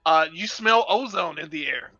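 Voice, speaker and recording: A man's voice: on the high side, animated, normal speed, pushed and bright, dry recording, lo-fi sound. A man game master describing a character in a live tabletop game, hesitant and full of fillers. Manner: hesitant, many fillers and restarts.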